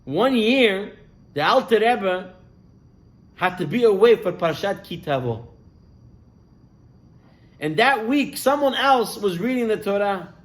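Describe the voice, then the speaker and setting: A rabbi with a high, light male voice tells stories to his congregation. He speaks animatedly, climbing for the dramatic moments and dropping low and soft for the quiet ones. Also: measured pace, long pauses. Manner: animated storyteller, voice rising and falling with the tale. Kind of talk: sermon storytelling.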